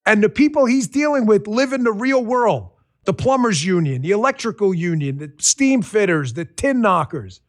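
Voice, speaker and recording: Animated, emphatic New man. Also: high voice, normal speed. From New York. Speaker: podcast host. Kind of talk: political commentary monologue.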